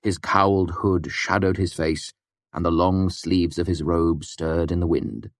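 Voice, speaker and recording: A man narrating a fantasy audiobook with expressive storytelling. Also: sits low, a little slow, no room sound, studio quality.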